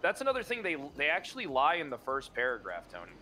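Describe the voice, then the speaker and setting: A man's voice: on the high side, huge pitch swings, fast, bright, forceful tone, a little hiss or hum. A man talking in character over voice chat, rambling and restarting his sentences as he explains his case. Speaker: roleplay character under investigation.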